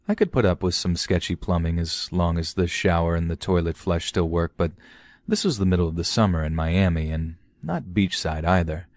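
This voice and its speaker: A man with a low voice tells a true horror story in the first person, casual and conversational. The recording is dry and close. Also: normal speed, darkish tone, no room sound.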